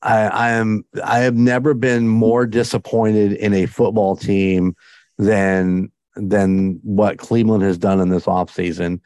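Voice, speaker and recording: A man's voice: on the low side, flat delivery, unhurried, darkish tone, no echo. A man hosting a podcast in casual chat, enthusiastic and rambling. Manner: enthusiastic, rambling, many restarts. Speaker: podcast host.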